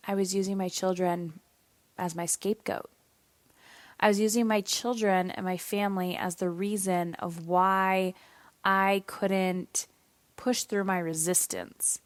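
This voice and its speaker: A woman's voice: medium pitch, no room sound. A woman in her thirties hosting a solo podcast, talking candidly and casually with some swearing, tired and yawning. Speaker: podcast host.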